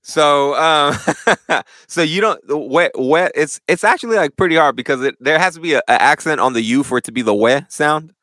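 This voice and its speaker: Young dude guest on a church podcast, super casual, bro-talk, dry close sound. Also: male voice, a little high, normal speed, dry recording. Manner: animated, slangy, says "bro" a lot. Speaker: church member interview guest. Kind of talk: casual chat.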